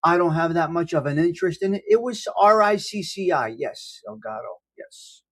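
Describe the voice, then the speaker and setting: A man's voice: on the high side, lively intonation, moderate pace. A man hosting a casual live-stream coffee chat, rambling and self-deprecating as he greets viewers by name. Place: indoors at home.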